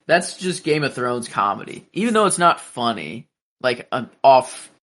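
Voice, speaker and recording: Podcast cohost guy, bright sharp voice, rambly, lots of likes and ums. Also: mid-range voice, big pitch swings, unhurried. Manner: rambling, many fillers and restarts. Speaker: podcast co-host. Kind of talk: casual chat.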